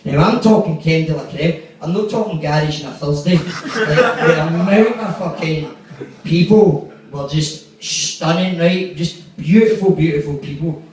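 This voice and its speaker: A man's voice: a little high, unhurried, darkish tone, heavy reverb, far from the mic, a little hiss or hum, rough recording. A man with a Glaswegian accent doing stand-up, telling profane, rambling stories and acting out the quotes. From Glasgow, Scotland. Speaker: stand-up comedian. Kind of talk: stand-up storytelling. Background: audience laughter.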